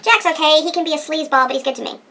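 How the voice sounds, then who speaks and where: A woman voicing a young runaway heiress, reading the game dialogue quickly. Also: sits high, sharp tone, pitched above the performer's own voice. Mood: confiding.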